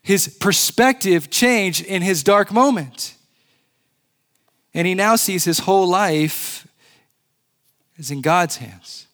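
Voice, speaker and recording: Earnest preacher with a higher voice. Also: male voice, slow pace, pauses often, fairly bright tone. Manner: earnest, repeats key phrases for emphasis. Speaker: pastor. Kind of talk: sermon.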